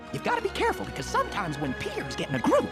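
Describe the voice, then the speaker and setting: A man's voice: very high voice, wildly swooping pitch, very fast, over music, full character voice. An actor voicing a small, chirpy male cricket who coaxes and advises. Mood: advising. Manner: eager, coaxing.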